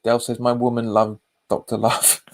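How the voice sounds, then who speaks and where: A man's voice: mid-range voice, completely flat delivery, normal speed. Chatty man hosting a watch-along. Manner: chatty, repeats phrases, reads viewer comments aloud. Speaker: fan channel host. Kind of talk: live match watch-along chat.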